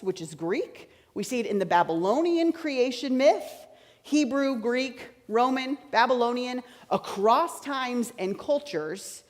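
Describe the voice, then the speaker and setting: A woman's voice: on the high side, darkish tone. A woman preaching a teaching-style sermon, chatty and explaining, repeating her key points. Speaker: pastor. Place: large church sanctuary. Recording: church hall reverb.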